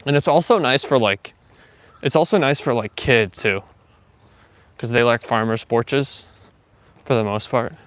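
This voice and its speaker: During a live walking stream outdoors, a young man chats loosely with viewers and reads their comments, filling gaps with fillers. His medium-pitched voice is fairly bright, clear and resonant, and he speaks at a measured pace with frequent pauses. There's no room sound.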